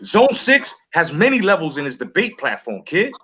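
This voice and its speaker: A man's voice: fairly high pitch, big pitch swings, moderate pace, sharp tone, breathy edge. A man hosting a casual podcast chat, brash and streetwise, swearing freely. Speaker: podcast host.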